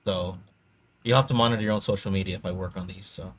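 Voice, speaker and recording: A man's voice: low voice, fairly even intonation, quick pace, fairly bright tone, no echo. A man chatting on a live show who talks in a dry, sarcastic way. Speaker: online video creator. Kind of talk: casual live chat.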